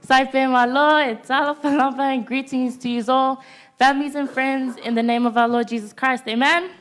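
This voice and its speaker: With fairly even intonation, a high-voiced teenage girl preaches to young people in a church. Her points are short and declarative, and after almost each one she pauses to ask "Amen?" for a response.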